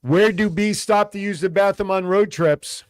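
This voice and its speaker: A man's voice: high voice, steady tone, normal speed, clear, resonant tone, dry recording. A man hosting a casual radio show, telling dad jokes and repeating each setup twice.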